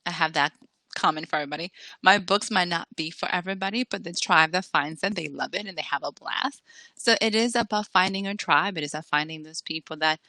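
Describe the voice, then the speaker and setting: A woman author chatting in an interview, lively and acting out the people she quotes. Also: on the low side, a little fast, dry recording. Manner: animated, acts out quoted voices. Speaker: author guest. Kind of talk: casual interview chat.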